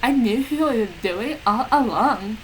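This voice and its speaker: A woman voicing an evil male dark wizard who delivers slow, theatrical threats in old-fashioned words. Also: on the high side, expressive, slight background noise, rough recording. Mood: gloating.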